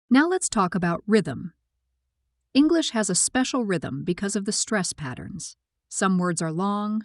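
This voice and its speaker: A woman narrating a scripted English pronunciation lesson, speaking slowly with clear, careful articulation. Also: mid-range voice, a little mellow, no room sound, studio quality. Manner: slow, clear, carefully articulated teaching delivery.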